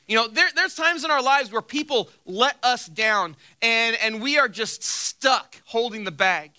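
A man's voice: very high voice, expressive, unhurried, few pauses, sharp tone, clear, resonant tone. A man preaching a sermon as pastor, telling a funny personal story with acted-out quotes before turning to scripture. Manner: storytelling with acted quotes and self-deprecating humor.

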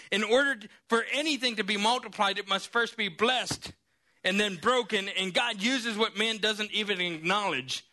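A man preaching a sermon, telling a story in an animated, lively way. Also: high voice.

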